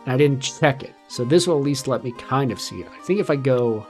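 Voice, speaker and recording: A man's voice: medium pitch, a little fast, faint music behind. A young man streaming a game, chatting casually and thinking aloud with fillers and restarts. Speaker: VTuber streamer. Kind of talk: casual gameplay commentary.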